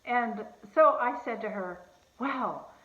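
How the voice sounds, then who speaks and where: A woman's voice: a little high, takes it slowly, fairly bright tone. A woman casually telling a personal faith testimony, earnest and conversational, with fillers and restarts. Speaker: host sharing a personal testimony. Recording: echoey room, slightly dull sound.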